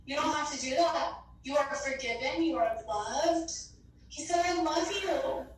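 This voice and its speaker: Woman psychic medium, high pitch, chatty and affectionate, echoey line with faint background noise. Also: normal speed, recorded from a distance. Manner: chatty, affectionate, fills with "like", calls listener babe. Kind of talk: casual spoken reading.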